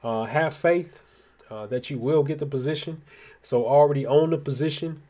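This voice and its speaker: A man's voice: fairly high pitch, moderate pace, warm tone. Laid-back man giving pep talk. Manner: motivational, laid-back slang. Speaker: co-host. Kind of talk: casual live-stream chat.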